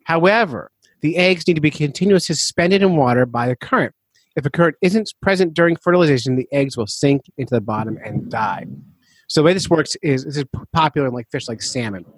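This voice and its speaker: A middle-aged podcast host with a higher, expressive, slightly rough voice talks fairly quickly with no echo. In casual, jokey chat he explains facts, then riffs on them, breaking into jokes and frequent laughter.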